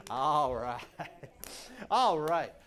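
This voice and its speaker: Man, middle-aged, traditional storyteller, lively melodic voice, slow unhurried pace, theatrical. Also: a little high. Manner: animated, theatrical, with gasps and sound effects. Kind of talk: traditional storytelling for a live audience.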